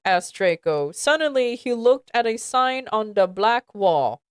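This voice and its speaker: A woman's voice: on the high side, animated, slow, hardly any pauses, smooth, no echo, studio quality. A woman streamer reading a badly written fan fiction aloud, stumbling over misspellings and breaking off into exasperated asides.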